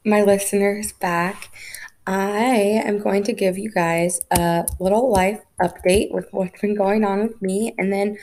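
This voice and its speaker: A woman's voice: medium pitch, darkish tone, a little hiss or hum. A young adult woman hosting a spiritual podcast, telling stories in a chatty way with lots of "like" fillers. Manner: chatty storytelling, frequent "like" fillers. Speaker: podcast host. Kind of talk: casual spiritual podcast talk.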